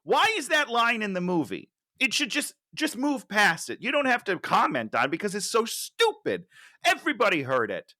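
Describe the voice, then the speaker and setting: Male podcast co-host, exasperated and mocking, bright voice with animated pitch. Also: normal speed. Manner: sarcastic, exasperated critic. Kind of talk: casual film chat.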